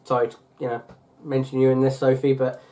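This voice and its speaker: Young male vlogger, mid-pitch, chatty and meandering, lots of fillers and self-corrections. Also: little pitch movement, brisk, mellow. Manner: rambling, full of fillers and restarts. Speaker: YouTuber. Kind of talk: casual vlog chat.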